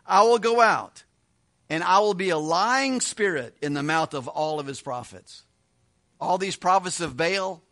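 A man teaching a Bible study as a pastor, retelling scripture with quick voiced asides and chuckles. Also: high-pitched, fairly bright tone.

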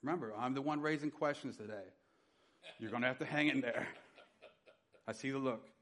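A man's voice: medium pitch, brisk. Man preaching a heartfelt testimony. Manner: personal testimony, dynamic swings from loud to soft. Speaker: pastor. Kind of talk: sermon.

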